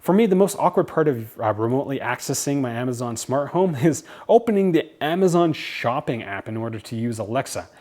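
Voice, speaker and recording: A man speaking English as his first language, chatting casually and animatedly as he reviews smart home platforms. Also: medium pitch. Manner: chatty, animated, self-deprecating humor. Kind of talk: casual tech review to camera.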